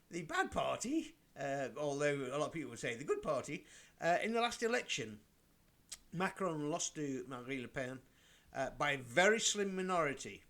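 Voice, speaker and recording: A man's voice: on the high side, a bit bright. A man in a rambling, casual rant, full of fillers and restarts. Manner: rambling, chatty, self-interrupting with many fillers. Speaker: vlogger. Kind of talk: casual ranting commentary.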